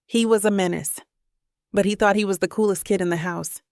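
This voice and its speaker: A mischievous brother who can't resist a dig at his sibling, as a woman narrator puts him on. The tone is light and ribbing, a bit gravelly and dry. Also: medium pitch, steady tone, brisk, darkish tone, no echo, lightly acted. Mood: teasing. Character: cheeky younger brother, teasing.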